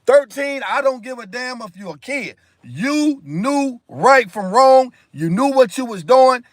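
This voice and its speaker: Emphatic high-voiced man on a livestream. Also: animated, unhurried, no echo. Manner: emphatic, repetitive, addresses viewers directly. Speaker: live stream host. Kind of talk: impassioned commentary monologue.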